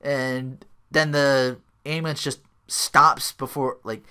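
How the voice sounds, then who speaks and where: A man's voice: medium pitch, level tone, slow, bright, forceful tone, smooth. A man hosting a podcast, casually recapping a show in a rambling way, full of restarts and asides. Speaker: podcast host.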